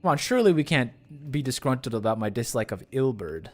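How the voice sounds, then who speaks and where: A man streaming a game live, chatting excitably and rambling with restarts, his voice jumping up on exclamations. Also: a little fast. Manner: excitable, jumps up in pitch on exclamations. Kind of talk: live gameplay commentary.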